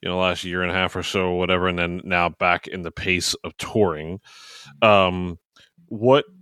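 A man hosting a podcast, speaking in a measured interviewer tone. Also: deep voice, level tone, pushed and bright, clean tone, no room sound, studio quality. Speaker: podcast host. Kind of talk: casual podcast chat.

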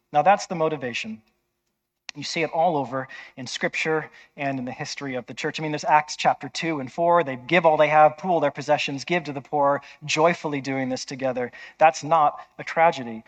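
Man preaching, conversational and emphatic, slightly high voice, sermon. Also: normal speed. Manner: emphatic, conversational, asks listeners "right?".

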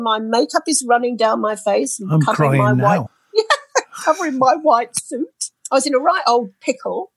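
A middle-aged woman from the UK tells a personal story as an interview guest, bringing the people in it to life with lively quoted voices. Her voice sits a little high and carries a husky edge. The sound is dry and close. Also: no room sound, poor audio. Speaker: interview guest, spirit artist. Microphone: headset earphones.

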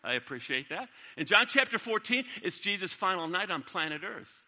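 The long reverb of a large hall surrounds a male pastor preaching in a church sanctuary. With a high, bright, forceful voice that swings widely in pitch at a moderate pace, he hammers key lines through repetition and poses questions to the congregation.

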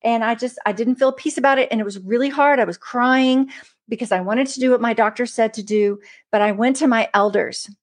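A woman's voice: a little high, a little fast. A woman giving a casual, earnest devotional talk to an online audience, speaking conversationally and reading scripture aloud. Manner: earnest and conversational, often addressing listeners as "guys". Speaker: Christian livestream speaker.

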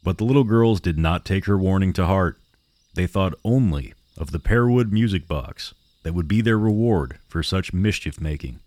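Male horror-podcast narrator; deep, measured delivery, dry and close. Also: expressive, darkish tone, no room sound.

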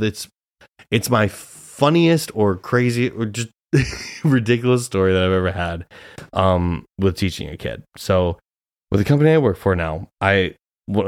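A man's voice: on the low side, dry recording, studio quality. A young man hosting a solo podcast, telling a story in a rambling, casual way, swearing freely and laughing often. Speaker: podcast host.

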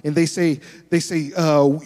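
A male pastor preaching a sermon, telling animated stories and acting out the dialogue. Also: fairly high pitch, measured pace. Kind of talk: sermon with storytelling. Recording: long reverb of a large hall.

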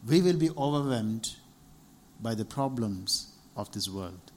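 A man's voice: medium pitch, lively intonation, measured pace. A middle-aged man from India preaching a sermon and sharing a personal testimony, earnest and repeating key phrases for emphasis. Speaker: preacher, doctor.

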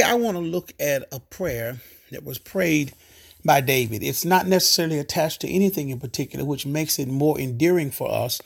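Male pastor, husky voice, solemn scripture reading, emphatic sermon delivery. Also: high voice. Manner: reads scripture slowly and solemnly, then explains it briskly; rising to emphatic, fervent peaks.

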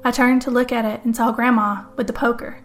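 A woman telling a first-person story in scripted narration, calm and measured. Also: on the high side, faint music behind.

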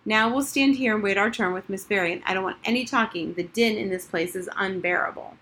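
A woman voicing a brisk, firm woman schoolteacher in a children's storybook reading. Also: mid-range voice, a bit bright, close to an everyday voice.

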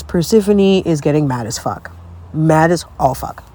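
A woman's voice: low voice, sing-song, unhurried, mellow, husky. A young adult woman hosting her own podcast, venting in a profane, exasperated, comic solo rant. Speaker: podcast host.

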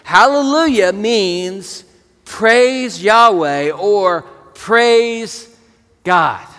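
Man, high-pitched voice, pastor preaching, earnest, repeats himself, long hall reverb. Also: animated, extremely slow, a bit bright. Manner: earnest preaching, repeats words, leads the congregation. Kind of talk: sermon.

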